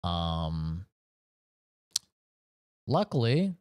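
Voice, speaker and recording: Animated man telling stories on stream. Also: low voice, extremely slow, smooth, no room sound, clean studio sound. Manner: loose storytelling with swearing and laughter. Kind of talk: casual chat while gaming.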